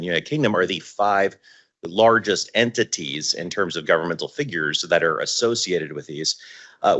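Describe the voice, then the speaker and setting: A man presenting at a user group meetup in a relaxed, self-deprecating way, with plenty of filler words. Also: deep voice. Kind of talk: casual conference talk.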